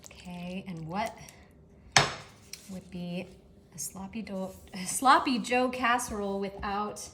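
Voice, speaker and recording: A woman's voice: mid-range voice, fairly even intonation, takes it slowly, heavy background noise. A woman hosting a casual cooking demonstration in her home kitchen, chatty and enthusiastic as she talks to her partner off camera. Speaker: cooking show host.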